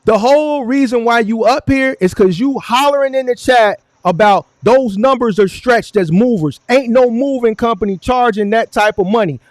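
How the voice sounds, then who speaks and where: A man's voice: very high voice, normal speed, hardly any pauses, no echo. A man hosting a stream, arguing hotly and mockingly with a guest, repeating "sir" again and again. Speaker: stream host. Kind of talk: heated argument.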